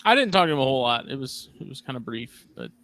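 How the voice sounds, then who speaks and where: A man's voice: medium pitch, sing-song, fast, fairly bright tone. A man hosting a podcast in casual chat, telling stories animatedly and acting out his own past remarks. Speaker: podcast host.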